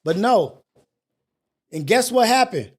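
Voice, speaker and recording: A man's voice: sits high, animated, slow pace. A middle-aged man hosting a morning show, giving a blunt, profane, self-mocking motivational monologue.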